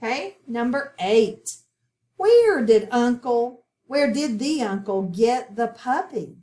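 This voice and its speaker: A woman teaching a phonics lesson, talking slowly and clearly as she spells out sounds. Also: a little high, expressive, mellow. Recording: echoey room.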